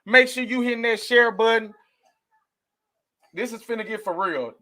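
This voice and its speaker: Talking at a moderate pace in a very high voice, this man addresses his audience directly with casual news commentary. The vlogger rambles and gets emotional along the way.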